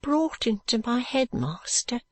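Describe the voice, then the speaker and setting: A woman voicing a poor, weary brickmaker's wife who speaks softly and sorrowfully in an audiobook. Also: on the high side, very animated, measured pace, no room sound, pitched above the performer's own voice. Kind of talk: audiobook narration.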